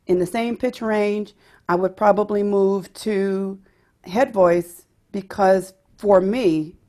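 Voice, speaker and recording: A woman's voice: medium pitch, steady tone, slow pace, dark tone. Woman teaching singing, demonstrating voices. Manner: explanatory, demonstrates voices as she talks. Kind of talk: teaching a vocal pedagogy workshop.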